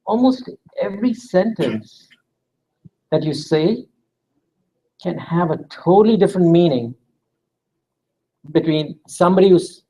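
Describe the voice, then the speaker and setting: Higher-voiced man leading a class. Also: animated, measured pace, long pauses, warm tone, poor audio. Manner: interactive, coaxing students to take part. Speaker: instructor. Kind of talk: classroom lecture.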